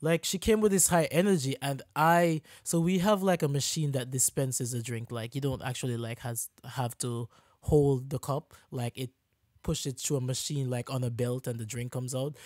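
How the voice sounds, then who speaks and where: A man co-hosting a casual podcast, telling a work story in an animated, ranting way and mimicking rude customers. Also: medium pitch, normal speed, no echo, studio quality. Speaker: podcast co-host.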